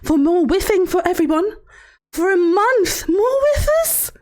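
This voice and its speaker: A female streamer fully inhabits a sugary, menacing therapist villain running cruel trials, alternating cheerful hellos with purred threats at her audience. The high, darkish voice swings widely in pitch at a measured pace, drawing words out with mocking sweetness in a playfully teasing live role-play.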